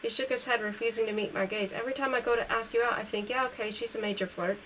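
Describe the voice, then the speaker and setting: A woman's voice: a little high, steady tone, fast talker, a little hiss or hum, poor audio. A woman reading a novel aloud, lifting her voice a little for the dialogue and correcting her own slips as she goes. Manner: reads dialogue lines a little louder and livelier than narration. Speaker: audiobook reader. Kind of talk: amateur read-aloud of a novel.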